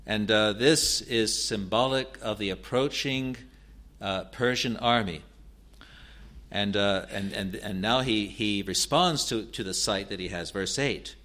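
A man with a fairly low voice teaches verse by verse through scripture. He speaks haltingly, circling back over words before finishing a thought. When he reads the passages aloud, his delivery lifts and gains weight. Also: pushed and bright. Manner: halting, with frequent restarts and repeated words. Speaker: Bible teacher.

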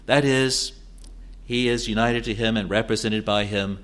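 Man preaching with quiet, earnest emphasis. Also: fairly even intonation, normal speed. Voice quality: quotes scripture in old wording, repeats phrases for emphasis. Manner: swings between hushed, low passages and rising, insistent declarations. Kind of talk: expository sermon.

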